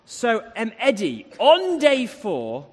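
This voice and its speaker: A man hosting a live stage show with lots of energy, shouting calls to the audience. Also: extremely high pitch, wildly swooping pitch, slow pace, slightly rough. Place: live stage in a large hall. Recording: echoey hall with crowd and music.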